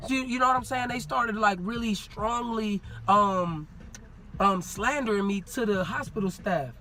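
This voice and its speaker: A man tells a story in a loose, casual way, full of slang. He acts out what others said, in a high, bright voice. A faint hiss sits under the recording. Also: moderate pace. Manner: animated, acts out quoted dialogue, street slang. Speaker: podcast guest.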